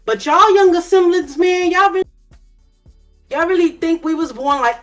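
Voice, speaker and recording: A woman's voice: extremely high pitch, normal speed, long pauses, fairly bright tone, faint music behind. A woman in casual chat, making an opinionated, emphatic point.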